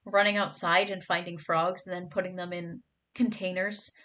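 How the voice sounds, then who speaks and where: A woman's voice: on the low side, little pitch movement, moderate pace, sharp tone. Bubbly young woman streamer chatting. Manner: bubbly, gushing, lots of "like" and "oh my god". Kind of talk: casual chat reading viewer comments.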